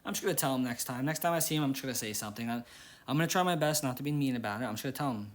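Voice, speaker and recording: A man's voice: medium pitch, lively intonation, racing. Young male gaming host, casual rambling commentary, easily irritated, repeats himself. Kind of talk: casual gameplay commentary with venting.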